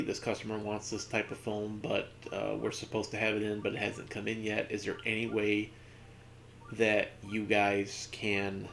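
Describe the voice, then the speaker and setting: A man's voice: lowish voice, creaky, fairly bright tone, slight background noise. A man streaming a video game, rambling through a casual anecdote with lots of fillers. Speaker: gaming streamer. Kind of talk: casual storytelling while playing.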